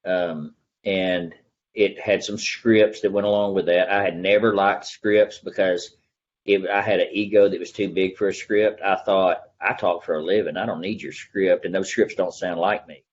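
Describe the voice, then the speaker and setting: A man's voice: deep voice, steady tone, moderate pace, dull audio, slight background noise. A middle-aged man with an East Texas accent, a real estate agent telling his story in a casual interview. He talks in a folksy, earnest way and acts out the conversations he remembers.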